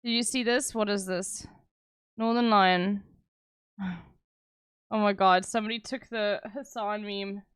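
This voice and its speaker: A woman's voice: medium pitch, steady tone, a little slow, pauses often, smooth, no room sound. A young South African woman streaming live, chatting casually with her viewers in a blunt, sarcastic way and swearing often. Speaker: livestreamer.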